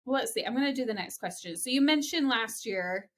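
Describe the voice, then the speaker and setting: A woman's voice: fairly high pitch, expressive, a little fast. A woman hosting a podcast, enthusiastic and affirming, asking long, rambling questions. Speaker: podcast host. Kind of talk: interview conversation.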